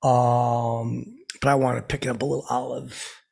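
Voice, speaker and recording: A man's voice: medium pitch, level tone, a little slow, darkish tone. A man playing an oblivious, boastful washed-up male radio DJ who tells a rambling comic story, stammering and repeating himself. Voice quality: gravelly, extremely raspy. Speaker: comedy podcast host playing a character.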